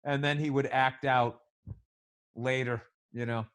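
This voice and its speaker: A man's voice: mid-range voice, steady tone, a little slow, a bit bright, smooth. A middle-aged man co-hosting a podcast, talking in a reflective, hesitant way with the odd swear. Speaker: podcast co-host. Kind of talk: casual chat.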